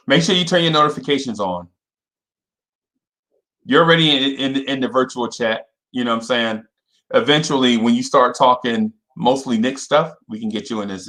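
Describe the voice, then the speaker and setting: A young man hosting a casual fan livestream, repeating himself and shouting out viewers by name. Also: mid-range voice.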